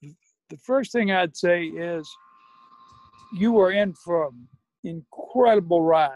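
A middle-aged man, a podcast guest, talking about recovery in a measured, folksy way. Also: sits high, darkish tone, low-quality recording. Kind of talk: reflective recovery conversation.

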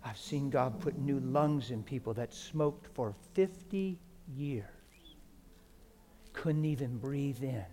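A man preaching a sermon, dropping to hushed whispers and rising to loud, emotional exclamations. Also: mid-range voice, slow. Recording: long hall reverb with faint music.

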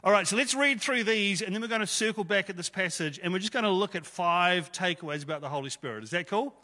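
Bright-voiced chatty preacher in a hall. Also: male voice, high-pitched, expressive, quick pace. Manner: chatty, jokey, conversational preaching. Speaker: pastor. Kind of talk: casual sermon. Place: church hall. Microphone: stage microphone. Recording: echoey church hall.

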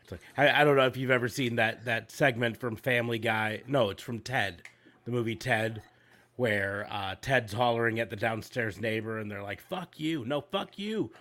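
A man's voice: lowish voice, steady tone, normal speed, pushed and bright. A man chatting casually with friends, rambling and swearing as he tells stories. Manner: rambling, profane storytelling. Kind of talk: casual chat.

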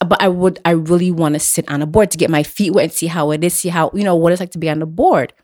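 A woman's voice: fairly low pitch, steady tone, quick pace, few pauses, darkish tone. A young adult woman hosting a podcast, talking bluntly and emphatically, repeating her points and swearing freely. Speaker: podcast host. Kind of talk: casual chat.

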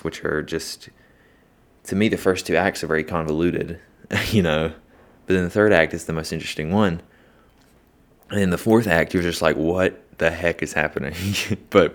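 A man hosting a casual podcast, talking with eager enthusiasm and rambling through lots of fillers and restarts. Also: low voice. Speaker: podcast host. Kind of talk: casual podcast chat about movies.

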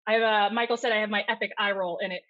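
A middle-aged woman with a mixed Southern and Michigan accent, telling stories quickly and animatedly as a guest on a call. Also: mid-range voice, muffled recording. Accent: mix of Southern US and Michigan. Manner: fast-talking, lively, acts out voices in anecdotes. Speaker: guest, community activist. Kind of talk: casual storytelling on a call. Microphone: video call.

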